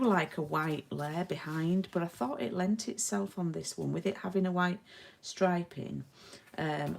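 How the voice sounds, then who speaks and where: A woman's voice: on the low side, vocal fry, slight background noise, rough recording. A woman giving a chatty live-streamed card-making lesson and greeting viewers by name. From England.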